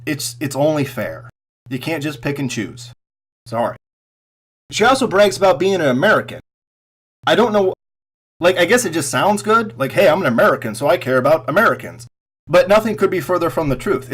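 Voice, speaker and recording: A man giving an angry, profane political rant straight to camera, sarcastic and mocking, swinging between loud outbursts and muttered asides. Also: fairly high pitch, big pitch swings, moderate pace, slightly rough. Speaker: political commentary vlogger.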